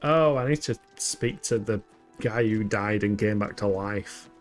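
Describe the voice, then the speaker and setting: Over faint music, a young man livestreams a game from his home setup, his voice fairly low and a little slow. As a streamer, he keeps up playful, giggly, rambling chatter.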